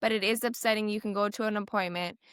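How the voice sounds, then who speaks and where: A young woman, a heart patient appearing as an interview guest, talks fast and emotionally in a smooth, mid-range voice, recorded cleanly in a studio without echo. Teary and on the edge of crying, she's still animated, using many "like" fillers and acting out what her doctors told her.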